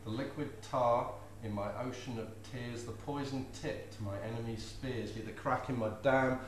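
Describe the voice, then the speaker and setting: A man's voice: medium pitch, steady tone, moderate pace, distant mic, a little hiss or hum. A man, performing comic poetry live with a rhythmic, playful delivery. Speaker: poet. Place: live venue before an audience. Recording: echoey room with faint ambience.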